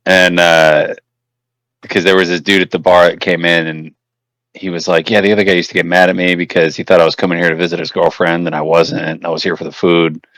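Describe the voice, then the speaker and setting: A man's voice: sits low, flat delivery, brisk, fairly bright tone, no room sound. A young man co-hosting a podcast, telling stories in casual, profane chat and laughing often. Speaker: podcast co-host.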